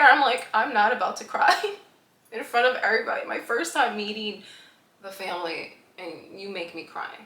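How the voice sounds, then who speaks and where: A young woman vlogger telling a personal story in a lively, laughing way, acting out the voices of the people in it. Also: mid-range voice, roomy sound.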